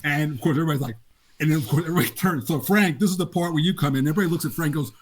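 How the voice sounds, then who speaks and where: An older man, a game designer, casually tells laughing anecdotes in an interview, acting out quotes with animation. His voice is a little high and very fast.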